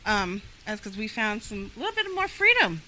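Hyper bright-voiced woman co-host. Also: mid-range voice, big pitch swings, moderate pace, a little hiss or hum. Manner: playful, hyper, laughing a lot. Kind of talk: casual podcast chat.

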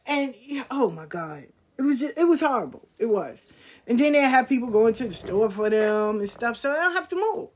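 A woman with a slightly high voice talks at normal speed through a personal anecdote. Animated and blunt, she uses casual slang and mimics the voices of those she quotes.

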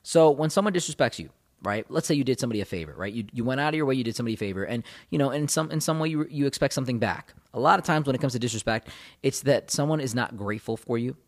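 Male relationship coach, quick emphatic delivery, talks straight to viewers, repeats key points for weight. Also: medium pitch, animated. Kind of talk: motivational advice talk to camera.

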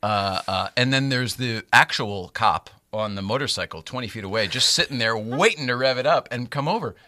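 A man hosting a casual chat, telling a story in an animated way and laughing often. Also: medium pitch, fairly quick, dry recording, clean studio sound. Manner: animated, laughs often, acts out voices in quotes.

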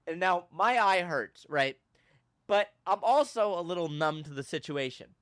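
A young man hosting a podcast, telling a funny story with animated, self-mocking drama and big swings in his voice. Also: high-pitched, moderate pace, smooth. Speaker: podcast host. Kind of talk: comedic storytelling in casual chat.

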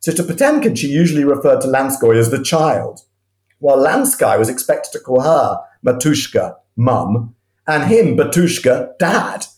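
Guy telling history stories all excited, middle pitch, kinda roomy sound. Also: normal speed. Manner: animated, enthusiastic storyteller with frequent restarts. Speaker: historian guest. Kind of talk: storytelling history talk.

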